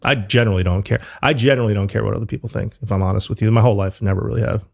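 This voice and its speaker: A company founder talking loosely as an interview guest, full of fillers and the odd swear word. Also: male voice, on the low side, fairly even intonation, very fast, vocal fry. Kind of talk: casual interview talk.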